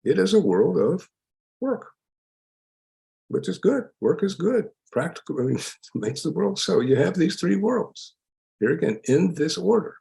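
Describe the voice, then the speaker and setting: An older man, a psychologist, explaining ideas in an emphatic lecture style with a gravelly voice. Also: high voice, a little slow, pauses often. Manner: lively, emphatic, laughs while explaining. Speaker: psychologist guest. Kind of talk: lecture-style interview answers.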